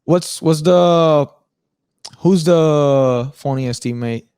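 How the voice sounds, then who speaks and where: A man interviewing a basketball player in a casual chat, asking halting questions with restarts. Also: on the high side, darkish tone, smooth, dry recording, clean studio sound.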